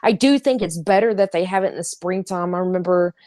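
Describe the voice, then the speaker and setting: A woman's voice: lowish voice, fairly quick, mellow, dry recording. Upbeat female co-host, chatty with many ums, dry close-miked sound. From Nashville, Tennessee. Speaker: podcast co-host. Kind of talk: casual chat.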